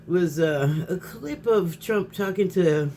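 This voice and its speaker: A woman's voice: lowish voice, lively intonation, takes it slowly, dark tone, slight background noise. A woman vlogger in a casual spoken monologue who rambles, restarts her sentences, laughs often and gets heated.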